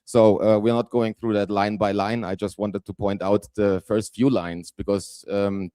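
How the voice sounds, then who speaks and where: A man in his forties from southern Germany with a German accent, giving a conference talk haltingly with lots of fillers. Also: low-pitched, mellow, no room sound. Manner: hesitant, many fillers, self-deprecating. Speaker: guest speaker. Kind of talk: conference presentation.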